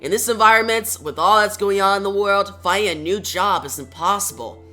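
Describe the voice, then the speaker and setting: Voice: medium pitch, fairly quick, bright, forceful tone, soft background music. A reviewer casually retelling a comic book's plot scene by scene, then giving a verdict. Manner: retells scenes line by line with "now, he says".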